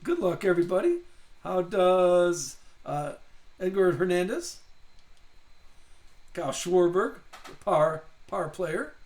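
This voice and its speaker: Guy with a pretty high voice running a card break stream, rambling and reading names off as he goes. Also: very animated, slow pace, pauses often, a little mellow. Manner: chatty, thinks aloud, reads off names. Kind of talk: live card-opening stream chat.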